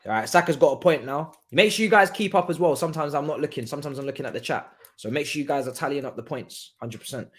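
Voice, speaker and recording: A young man hosting a live football watchalong, talking in an excitable, slangy way, laughing often and swinging from loud outbursts to quiet asides. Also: on the high side, fast talker, few pauses. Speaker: livestream watchalong host.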